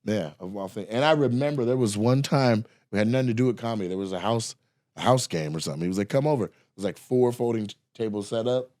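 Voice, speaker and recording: A man's voice: lowish voice, fast talker, a little mellow, dry recording, studio quality. A man hosting a casual podcast, telling stories with lots of acted-out voices of other people. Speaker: podcast host, comedian. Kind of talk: casual storytelling chat.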